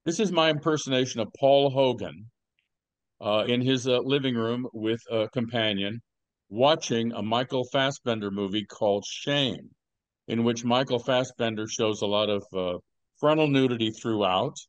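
An older man hosting a podcast, telling rambling stories with deadpan jokes and lots of fillers. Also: medium pitch, moderate pace, no room sound, dull audio. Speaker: podcast host. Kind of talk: casual podcast chat.

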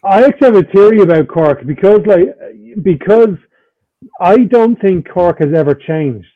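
A man's voice: high-pitched, animated, normal speed, no echo. Wry Irish man, dull lo-fi sound. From Ireland. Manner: rambling, wry comic musing. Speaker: guest comedian. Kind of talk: casual chat. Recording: dull, dry lo-fi audio.

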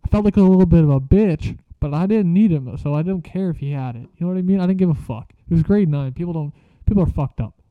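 A man's voice: fairly high pitch, fast talker, dry recording, narrow, tinny audio. A young man telling a rambling story in a casual, slangy way, swearing a lot.

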